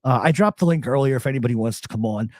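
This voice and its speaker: A man's voice: medium pitch, racing, no echo. A man hosting a live show, chatting casually and swearing freely as he tells stories. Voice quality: profane, animated storyteller. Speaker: podcast host. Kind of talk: casual live-stream chat.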